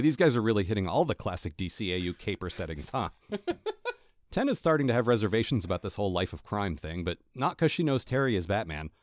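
A man's voice: lowish voice, no room sound, clean studio sound. A man co-hosting a podcast, chatting casually and then reading a joking, sarcastic recap of an episode. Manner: wry, joking, sarcastic asides. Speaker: podcast co-host.

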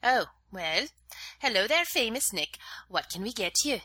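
A man doing a shrill shop lady. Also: big pitch swings, unhurried, bright, forceful tone, a little hiss or hum, full character voice. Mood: fussy. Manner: shrill, fussy. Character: prissy older British shopkeeper woman. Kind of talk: comedy radio sketch.

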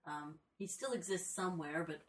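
A woman with a fairly low voice chats casually as a podcast co-host. She drops in dry, teasing asides and trails off with ums. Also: normal speed. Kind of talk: casual chat.

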